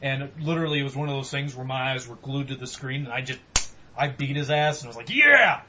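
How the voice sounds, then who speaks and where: Guy cohosting a gaming podcast, animated, cusses a lot, faint hum behind. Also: mid-range voice, fast, highs cut off. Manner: animated, swearing, mock-yelling at games. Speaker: podcast co-host. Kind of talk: casual gaming chat.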